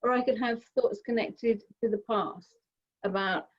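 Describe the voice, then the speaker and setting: A middle-aged woman gently guiding a mindfulness session over a video call, explaining with everyday examples. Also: fairly high pitch, moderate pace. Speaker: mindfulness teacher. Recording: slightly dull video call audio.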